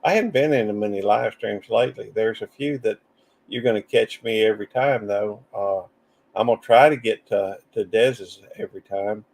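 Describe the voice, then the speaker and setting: A man's voice: fairly low pitch, normal speed, a little mellow. A man with a Southern US accent hosting a live stream, chatting loosely and reading viewer comments as he rambles. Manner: rambling, drawling, reads chat comments aloud. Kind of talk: casual live stream chat.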